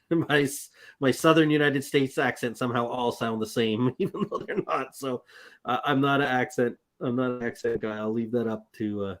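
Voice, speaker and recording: A man co-hosts a casual football talk stream and trades joking, self-deprecating banter. His voice sits at an ordinary middle pitch. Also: moderate pace. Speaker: co-host.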